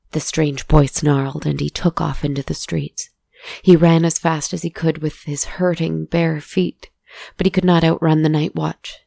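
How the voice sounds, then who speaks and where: A woman narrating a story in a soft, deliberate way. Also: low-pitched, gravelly, no room sound.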